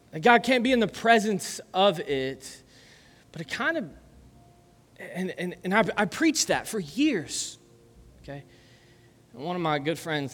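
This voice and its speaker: A man's voice: high-pitched, a bit bright, big-room sound. A man preaching a conversational sermon as a pastor, asking the crowd questions and laughing often. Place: church hall.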